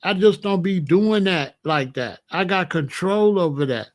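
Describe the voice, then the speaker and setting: A man's voice: high voice, lively intonation, unhurried. A middle-aged man from the United States telling a story in a casual monologue, repeating phrases for emphasis. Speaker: commentator.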